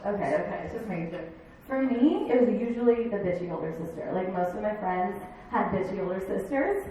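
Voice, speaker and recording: A woman in her thirties doing a stand-up comedy set, chatty and animated, slipping into quick impressions. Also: mid-range voice. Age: 30s. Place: bar stage. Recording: echoey bar room from far off.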